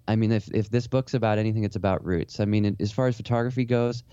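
A man answers interview questions in a reflective, rambling way, often restarting his sentences. His voice is dark and mellow. The recording is dry and a little dull. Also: lowish voice, fairly even intonation, quick pace, clean tone, no echo. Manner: rambling, earnest, many restarts. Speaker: portrait photographer and author.

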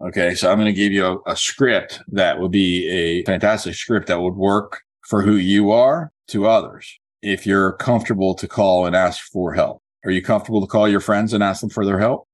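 In a one-on-one session, a man coaches a real estate agent, working methodically through his points and slowly repeating key phrases. His voice is deep, with fairly even intonation.

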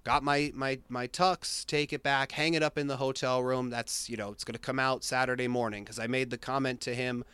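A young man telling a personal anecdote in casual chat, animated and full of fillers and restarts. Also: medium pitch, fairly quick, few pauses, clear, resonant tone, no echo. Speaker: storyteller in a conversation.

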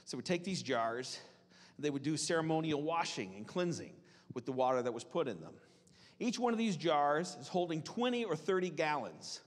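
Animated male preacher in a reverberant hall. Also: fairly high pitch, moderate pace. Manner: animated, conversational, acts out voices. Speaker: pastor. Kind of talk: sermon. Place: church hall.

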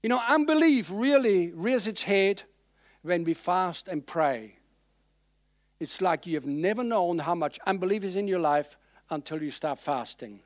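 A man preaching a sermon in a conversational, animated way, with frequent fillers. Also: high voice, measured pace, dry recording, clean studio sound.

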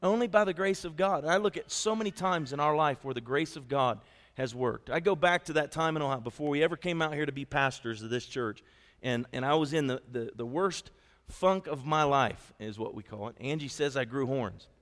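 A man's voice: a little high, a little fast, fairly bright tone. Preaching man in a reverberant church. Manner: conversational preaching with call-outs to the congregation. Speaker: pastor. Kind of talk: sermon. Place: church sanctuary. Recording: long hall reverb.

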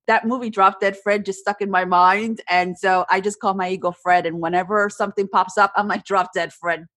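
A woman's voice: medium pitch, steady tone, a little fast, a bit bright, no room sound. A woman guest telling candid stories in a casual podcast conversation, often quoting her own thoughts aloud. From New Jersey, USA. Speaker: entrepreneur guest.

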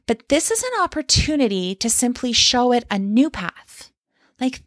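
Upbeat and direct, a Canadian life coach guides listeners on her solo podcast, often asking "okay?" or "right?" to keep them along. Her slightly high voice swings widely in pitch at a moderate pace, and the sound is close, dry, and echo-free.

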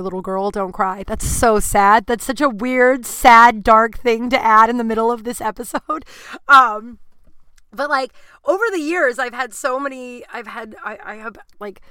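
A woman podcast host spins frank, rambling stories, leaning on "like" and poking fun at herself. Her voice is bright and ringing, with a smooth, crisp clarity. The sound is close and dry, with no room around it. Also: fairly high pitch, no room sound. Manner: crude, self-mocking humor. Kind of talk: candid storytelling chat.

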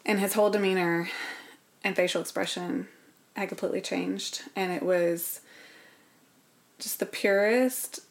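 A woman's voice: mid-range voice, steady tone, measured pace, long pauses. A woman, speaking as an interview guest and telling a personal story in an earnest, reflective way. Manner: earnest, reflective, drops to a whisper at painful moments.

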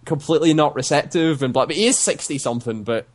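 A man's voice: fairly high pitch, quick pace. Brief: young male co-host, rambling casual storyteller who swears and acts out quotes. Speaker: podcast co-host. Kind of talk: casual chat.

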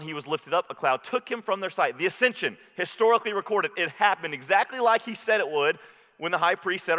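A man preaching a sermon as pastor, impassioned, dropping low and quiet when he quotes scripture. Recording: reverberant hall.

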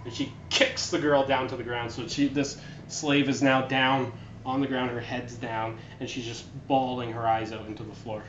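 A man runs a tabletop game at a middle pitch, rambling through his narration and restarting as he goes. His voice comes through dull and echoey, with a noisy room behind. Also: flat delivery, normal speed, fairly bright tone. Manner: rambling, self-correcting narration. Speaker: game master.

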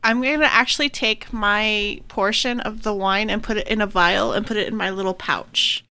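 A woman's voice: medium pitch, steady tone, normal speed, pushed and bright, no room sound. A woman playing in a tabletop game, casual and giggly. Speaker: player.

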